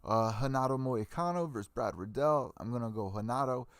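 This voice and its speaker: Young male MMA podcast host, profane and fired up, medium pitch, very dry close sound. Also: a little fast, no room sound. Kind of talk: ranting live stream commentary.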